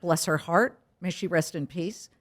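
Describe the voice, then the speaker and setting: A woman's voice: lowish voice, a little slow. A middle-aged woman, a TV news anchor, speaking frankly and emphatically as an interview guest. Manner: frank, emphatic, animated storytelling. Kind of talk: casual interview conversation.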